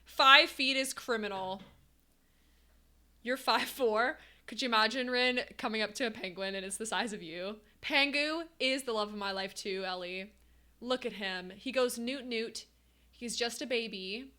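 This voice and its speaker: Young woman streamer, casual chat with viewers, animated and laughing, bright slightly high voice. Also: normal speed.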